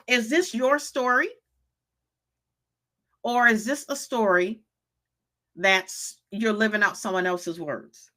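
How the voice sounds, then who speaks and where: Forceful, bright-voiced woman streaming live. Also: on the high side, takes it slowly, long pauses. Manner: preachy, repeats questions, reads chat comments aloud. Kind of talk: motivational live-stream talk.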